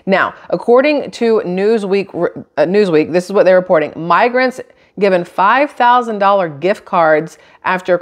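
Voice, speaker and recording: A woman hosting her own channel, reading news items aloud and then giving her blunt opinions in a casual way. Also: fairly low pitch. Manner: opinionated, reads articles aloud then riffs. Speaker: channel host. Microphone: camera microphone.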